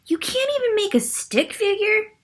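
A woman's voice: very high voice, expressive, normal speed, pitched above the performer's own voice. Woman voicing a bossy doubting eraser. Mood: doubtful. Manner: dismissive, then worried.

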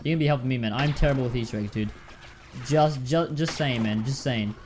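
A man's voice: medium pitch, quick pace, a little hiss or hum. A man giving casual commentary while playing a video game, repeating himself and calling listeners dude and man. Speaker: gaming YouTuber.

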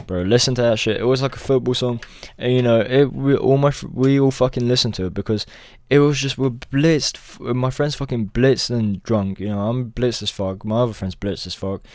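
A man's voice: mid-range voice, fairly quick, darkish tone, no echo, clean studio sound. Profane rambling young man. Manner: rambling, profane, peppered with "bro". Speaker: storytime vlogger. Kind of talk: casual storytime.

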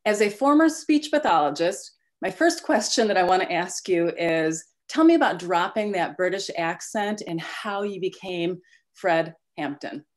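A woman's voice: fairly low pitch, animated, moderate pace. A woman film critic interviewing a guest, asking earnest, curious questions. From Chicago area.

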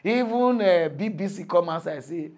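A young man with a high, bright-edged voice delivers a comic rant in Nigerian Pidgin, like a mock news commentator on a roll. At a moderate pace, he swings excitably from muttering to shouting, with big jumps in loudness, and keeps laughing at his own points.

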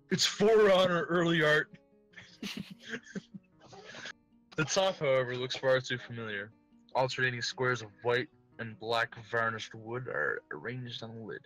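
A man's voice: mid-range voice, a bit bright, rough recording. A man hosting a let's play, reading visual novel narration aloud in a casual, giggly way with joking asides.

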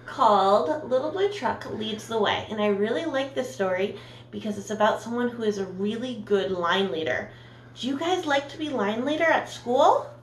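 A woman's voice: on the high side, reverberant, recorded from a distance, slight background noise. A woman teacher reading a picture book aloud to her class in a storytime voice, gasping and asking the children questions. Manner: warm, sing-song, gasps and asks the listeners questions.

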